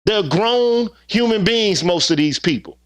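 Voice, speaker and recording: A man's voice: high voice, expressive, a little slow, clear, resonant tone. Emphatic, profane man ranting. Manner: emphatic, profane, repetitive rhetorical questions. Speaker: channel host. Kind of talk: opinion rant monologue.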